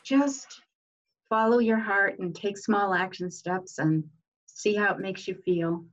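A woman guest giving an earnest, inspirational talk, often pausing with fillers and restarting her sentences. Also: medium pitch. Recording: dull lo-fi sound.

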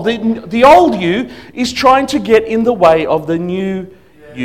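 A man preaching as a guest speaker at a church service, emphatic, swinging between loud declarations and quiet asides. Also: sits high, animated, unhurried. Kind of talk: sermon.

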